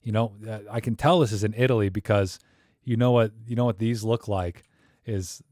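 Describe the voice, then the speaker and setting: A man's voice: on the low side, moderate pace, a little mellow, dry recording, studio quality. A man hosting a live stream, critiquing viewer photos in joking, rambling chat full of fillers. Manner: joking, rambling, thinks aloud with many fillers.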